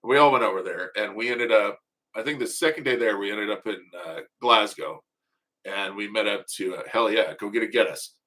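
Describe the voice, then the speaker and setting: Guy host, bright forceful voice, loose rambling profane yarn-spinning on a livestream. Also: lowish voice, brisk. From United States. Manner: rambling, profane, joking storyteller. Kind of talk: casual storytelling livestream.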